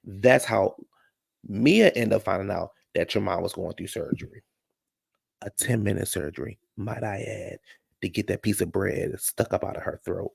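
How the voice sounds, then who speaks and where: A man's voice: low-pitched, moderate pace, gravelly, slightly rough, no echo, studio quality. A man recapping a reality show in casual, blunt, profane commentary.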